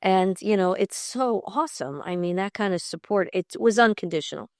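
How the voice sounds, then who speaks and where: A woman's voice: medium pitch, animated, fairly quick, no echo, studio quality. A middle-aged woman from Long Island, a podcast guest talking in an enthusiastic, chatty way with many fillers. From Long Island, New York. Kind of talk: conversational interview.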